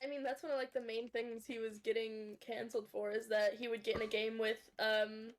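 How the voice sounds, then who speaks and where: A woman's voice: fairly high pitch, little pitch movement, fairly quick. Giggly young woman in casual chat. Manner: giggly, often breaks into laughter. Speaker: podcast co-host. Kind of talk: casual chat while gaming.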